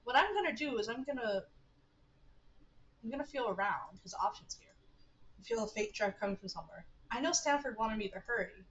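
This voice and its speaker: Woman, streamer, casual gameplay chat, reads text aloud, excitable, higher voice. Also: unhurried, pauses often, poor audio.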